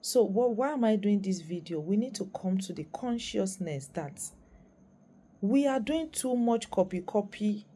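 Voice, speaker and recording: A woman's voice: mid-range voice, animated, unhurried, mellow. A Nigerian woman in her thirties with a Nigerian accent, giving impassioned commentary to camera as a vlogger and parent and repeating phrases for stress.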